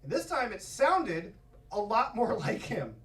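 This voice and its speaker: A man's voice: high-pitched, measured pace. A man doing stand-up, telling a story and acting out the voices of the people in it, swearing freely. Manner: animated, acts out quoted voices, swears freely. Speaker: stand-up comedian. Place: comedy stage before a live audience. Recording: echoey room from far off, audience laughter.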